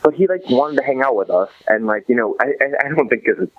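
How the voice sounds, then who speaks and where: A man in his thirties, a podcast guest in casual interview chat, rambling with many fillers and restarts and swinging between excited and somber. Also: mid-range voice, fast, dry recording. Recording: dull lo-fi dry recording.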